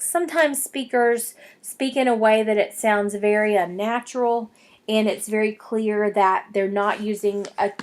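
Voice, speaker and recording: A woman teaching a public speaking class in a recorded lecture, explaining things plainly with frequent ums. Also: mid-range voice.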